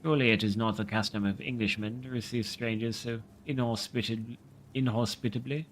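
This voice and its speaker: A man voicing a formal young gentleman. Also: mid-range voice, fairly even intonation, brisk, a little hiss or hum, lightly acted. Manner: formal and courteous.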